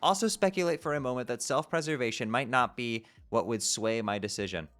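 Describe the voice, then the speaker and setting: A man's voice: medium pitch, a little fast, fairly bright tone, faint music behind. A man streaming himself as he reads a webcomic aloud, tripping over strange words, swearing casually and breaking off to laugh and comment.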